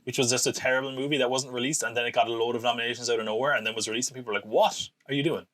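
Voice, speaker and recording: Fast-talking guy podcasting. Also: mid-range voice, flat delivery, a bit bright. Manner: chatty, opinionated, laughs often, rambling asides. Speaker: podcast host. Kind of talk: casual solo podcast commentary.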